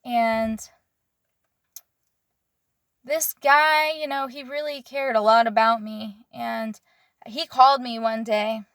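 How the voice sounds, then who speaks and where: A young woman with a slightly high voice shares a personal story in a confessional way. She is earnest and halting, stopping often to search for her words. The sound is close and dry, with no room behind it. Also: steady tone, fairly bright tone, dry recording.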